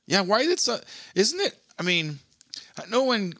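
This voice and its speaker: A man's voice: high voice, sing-song, a little slow, bright, forceful tone, dry recording, studio quality. A man co-hosting a podcast, reading out Reddit posts in casual, crude, joking chat. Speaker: podcast co-host.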